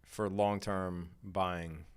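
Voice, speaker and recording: A man's voice: low-pitched, fairly even intonation, very slow, clear, resonant tone. Laid-back slangy male trading streamer. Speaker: day trading livestream host. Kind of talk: casual live trading commentary.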